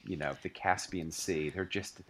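A man co-hosts a casual book club podcast and speaks in a low voice. He is wry and thoughtful. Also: steady tone, normal speed, fairly bright tone.

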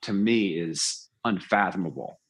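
A man's voice: low voice, measured pace, slightly rough. A man in casual discussion, talking with animation and acting out lines with emphasis.

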